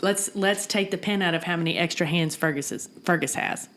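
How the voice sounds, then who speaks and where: Animated laughing woman co-host. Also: on the low side, a little fast. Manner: animated, laughing, crude jokes. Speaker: podcast co-host. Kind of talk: casual TV recap chat.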